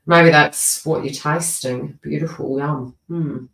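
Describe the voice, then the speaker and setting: A woman's voice: low voice, fairly even intonation, slow pace, vocal fry, fairly bright tone, recorded from a distance. Chatty woman reading tarot live. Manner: chatty, rambling, with frequent asides and restarts. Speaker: tarot reader. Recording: roomy sound, voice away from the mic.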